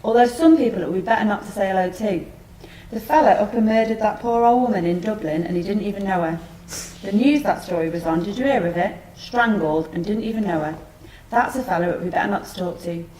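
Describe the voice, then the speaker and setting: A woman's voice: mid-range voice, fast talker, a little mellow, roomy sound, slight background noise, natural voice, low-quality recording. A woman playing a frail, needling elderly mother who talks in a plaintive, wheedling way, in a theatre studio.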